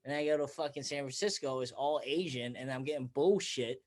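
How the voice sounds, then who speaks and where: A comedian from Bethlehem, Pennsylvania, USA, guests on a casual podcast, telling profane stories and acting out quotes. His voice is medium in pitch and fairly quick.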